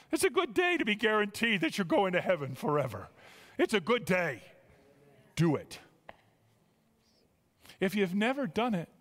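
A man's voice: sits high, a bit bright. A man preaching a sermon as pastor, emphatic, repeating words and rising with feeling. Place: church sanctuary. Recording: church hall reverb.

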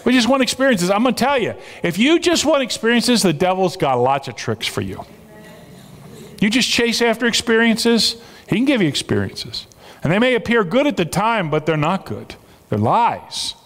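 A man preaches as a pastor, emphatic and repeating key phrases for weight. His voice sits high with big pitch swings, a moderate pace and a slightly bright tone. The long reverb of a large hall surrounds the recording.

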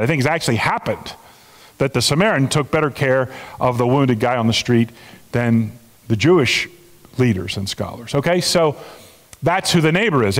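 Older guy preaching, kinda high voice, chatty with lots of restarts, big echoey hall. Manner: conversational preaching with restarts and swings in pitch. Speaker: pastor. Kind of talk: sermon. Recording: long reverb of a large hall.

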